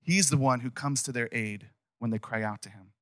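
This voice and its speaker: A man's voice: medium pitch, a little fast, a bit bright, dry recording, studio quality. A man preaching a casual sermon as a pastor, retelling a Bible story in a conversational, emphatic way.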